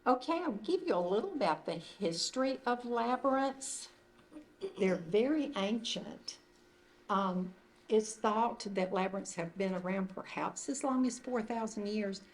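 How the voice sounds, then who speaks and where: An older woman speaks at a middle pitch, leading a retreat group through an informal teaching talk. Her phrasing is loose, gentle and conversational, in an indoor meeting room. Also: expressive, unhurried. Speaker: retreat leader.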